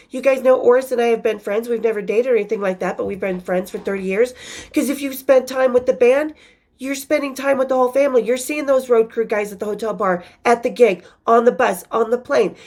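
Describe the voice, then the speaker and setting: Woman host telling wild backstage stories, swears a lot, laughs, kinda high voice. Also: a little mellow. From western United States. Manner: candid, profane, laughing asides. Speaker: host reading her old journals. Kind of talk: casual storytelling monologue.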